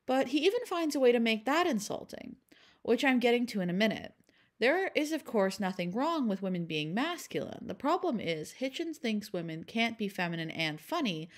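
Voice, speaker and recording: A young woman hosting an educational commentary, blunt with sarcastic asides. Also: mid-range voice. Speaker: channel host.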